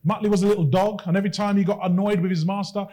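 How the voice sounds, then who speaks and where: A male preacher with a notably high voice who drives his points home with repetition and rising emphasis. He moves from quiet, earnest stretches to loud, insistent exhortation. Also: steady tone, rapid-fire. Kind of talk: sermon.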